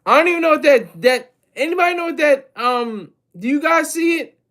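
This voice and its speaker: A man with a high-pitched voice hosts a casual livestream. He rambles with a lot of energy, restarts his sentences and keeps breaking off to talk to the chat. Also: lively intonation, a little fast, a bit bright. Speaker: livestream host.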